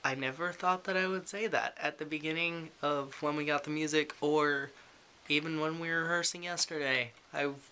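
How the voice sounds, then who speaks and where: A man's voice: a little high, sharp tone, a little hiss or hum. A man chatting casually to the camera in a daily vlog, rambling with lots of fillers and self-deprecating asides. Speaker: vlogger.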